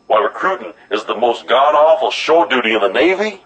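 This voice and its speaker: A man's voice: medium pitch, big pitch swings, a little fast, a bit bright, low-quality recording. A middle-aged man playing a Navy chief in a scripted comedy, lecturing with rhetorical questions.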